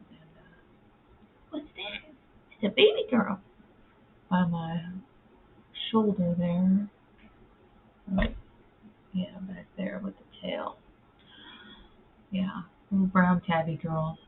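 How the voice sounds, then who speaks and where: A woman's voice: lowish voice, gravelly. A woman chatting casually in a home vlog, rambling with lots of fillers and cooing at her cats in baby talk. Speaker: vlogger. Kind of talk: casual chat. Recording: tinny phone-like audio with faint noise.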